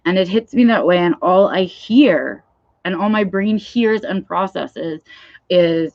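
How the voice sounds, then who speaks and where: A woman's voice: fairly low pitch, unhurried, darkish tone, dry recording, dull audio. A woman talking frankly in a live vlog, swearing freely and often checking in with "right?". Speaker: vlogger. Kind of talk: candid livestream talk.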